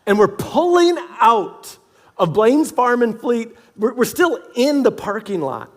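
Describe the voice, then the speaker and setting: A man's voice: very high voice, unhurried. A man preaching in church, telling a humorous personal story and acting out both sides of a conversation in a self-mocking way. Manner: animated, self-mocking storyteller who acts out dialogue. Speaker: pastor. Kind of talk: storytelling sermon. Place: church sanctuary.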